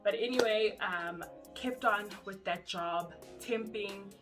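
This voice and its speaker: A young woman from South Africa with a South African accent, telling her story in a casual, animated vlog. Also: medium pitch, takes it slowly. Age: young adult. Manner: chatty and animated, acts out quoted voices. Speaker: YouTuber. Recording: music playing underneath.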